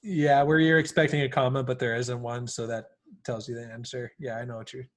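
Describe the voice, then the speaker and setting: A man's voice: mid-range voice, level tone, a little fast. A man with a mid-range voice on a book podcast. He talks in an easygoing, storytelling way, restarting phrases as he goes. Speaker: podcast co-host. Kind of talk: casual book discussion.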